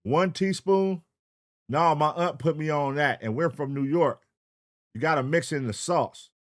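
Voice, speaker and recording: A man's voice: on the high side, normal speed, dry recording. A man hosting a live stream, chatting loosely and profanely with his chat and reading out names in a sing-song voice. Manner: sing-song roll-call shout-outs. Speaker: streamer host. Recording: music playing loudly behind. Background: hip hop music.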